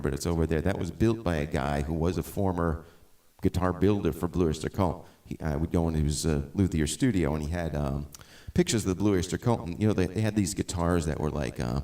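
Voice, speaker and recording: A man's voice: deep voice, mellow. A middle-aged man chatting casually as the host of a live music stream, rambling with many restarts and tangents.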